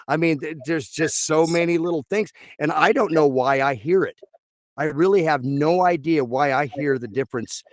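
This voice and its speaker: Rambling, animated voice actor. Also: male voice, on the high side, normal speed, no echo. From Texas. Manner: rambling, animated, full of fillers. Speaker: voice actor guest. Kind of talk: casual interview chat.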